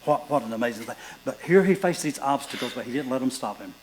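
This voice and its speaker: A male pastor preaching a sermon, reading scripture aloud and building to fervent, loud passages. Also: mid-range voice, lively intonation, fast talker, a little hiss or hum, rough recording.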